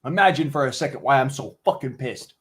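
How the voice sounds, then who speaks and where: A man's voice: mid-range voice, lively intonation, fairly quick, fairly bright tone. A man, delivering a heated, profanity-filled rant to camera while cooking. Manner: heated, swearing constantly. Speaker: vlogger.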